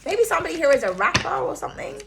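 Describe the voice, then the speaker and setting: Bright, lively-pitched woman chatting tarot. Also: very fast, vocal fry, noisy background. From outside the United States. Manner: chatty, rambling, swears casually, hums and laughs often. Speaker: tarot reader. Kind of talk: casual tarot reading for a star sign.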